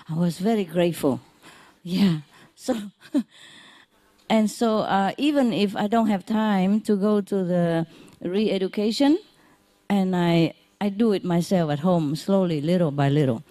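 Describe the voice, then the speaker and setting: A woman's voice: lowish voice, mellow. A woman teacher giving an informal spiritual lecture in simple, slightly broken English, chatty and laughing often, speaking straight to her listeners. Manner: chatty, laughs often, repeats phrases, talks directly to listeners.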